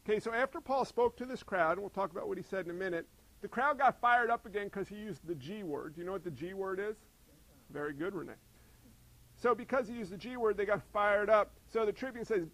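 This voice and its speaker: A man preaching a sermon in an animated way, acting out voices and asking the congregation questions. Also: sits high, fairly quick, poor audio. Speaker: pastor.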